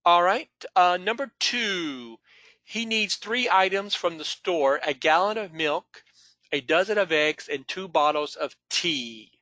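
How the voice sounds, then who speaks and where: A man's voice: high-pitched, a little slow, bright, forceful tone, no room sound. A man teaching an online class over a video call, patiently calling on students by name.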